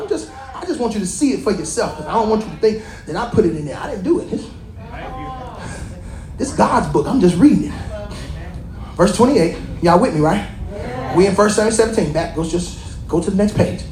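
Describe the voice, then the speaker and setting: A preacher giving a lively, colloquial sermon, repeating phrases and calling out to the congregation. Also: mid-range voice, a little fast, roomy sound.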